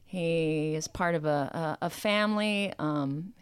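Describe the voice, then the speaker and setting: Woman guest talking it through, lowish voice, pauses and hesitates a lot, dry sound. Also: clear, resonant tone, no echo. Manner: thoughtful, hesitant, searching for words. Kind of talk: casual chat.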